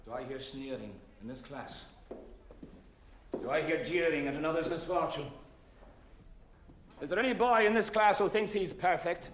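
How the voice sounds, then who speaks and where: An actor playing a stern middle-aged schoolmaster who lectures a class with mocking rhetorical questions. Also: male voice, on the high side, normal speed, pauses often, echoey room, a little hiss or hum, lightly acted. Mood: lecturing. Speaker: schoolmaster in a film.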